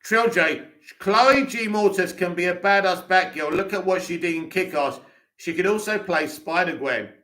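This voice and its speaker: A man's voice: sits high, moderate pace, sharp tone. A man with an English accent, hosting a live stream, reading viewer comments aloud and answering them with blunt, dismissive opinions.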